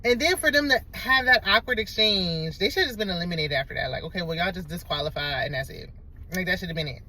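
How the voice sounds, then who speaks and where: Animated woman recapping reality TV. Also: fairly low pitch, quick pace. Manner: animated, laughs often, acts out quotes. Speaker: reality TV commentator. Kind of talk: casual reaction chat. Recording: noisy, traffic sounds behind.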